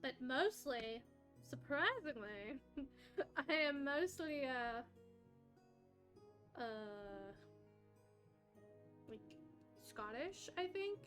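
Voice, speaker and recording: Brief: talkative woman streamer, high voice, faint music under her, rambling and giggly. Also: big pitch swings, very slow, pauses often, a bit bright. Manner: rambling, laughs often, self-interrupting. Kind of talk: casual live-stream chat.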